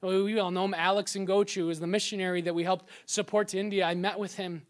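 A young adult man preaching a sermon, telling animated stories and dropping to a soft hush when he quotes someone. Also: high voice, fairly quick, hardly any pauses. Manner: animated storytelling, drops to soft hushed tones for quotes. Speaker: pastor.

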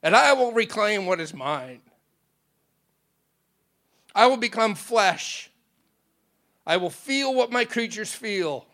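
God the Father, a commanding male deity, speaks in slow, resounding declarations. A preacher acts him out in a dramatic sermon story, and the voice sits a little high for a man. The delivery is solemn and loving, never harsh. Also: expressive, bright, forceful tone, heavily acted.

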